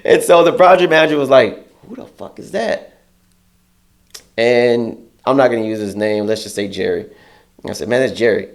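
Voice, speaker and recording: A man's voice: medium pitch, brisk. A man, an interview guest, telling a story in casual, profane speech and acting out other people's lines in a raised, heated voice. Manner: acts out quotes in a raised, heated voice. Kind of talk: animated storytelling.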